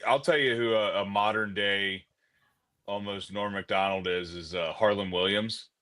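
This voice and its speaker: Podcast co-host, male, low and bright, lively storyteller. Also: moderate pace. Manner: animated storytelling, swears casually. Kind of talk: casual chat.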